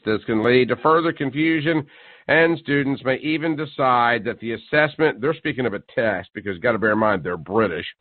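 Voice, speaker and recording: A man's voice: medium pitch, dry recording. A male radio talk show host delivering a sarcastic, mocking monologue that builds to incredulous outbursts. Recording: tinny phone-like dry sound.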